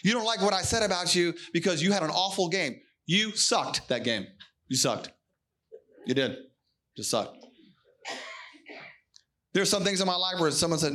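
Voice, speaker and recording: A male pastor delivering a sermon to a live congregation in a church, preaching emphatically and breaking into shouts. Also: high-pitched, normal speed, pauses often.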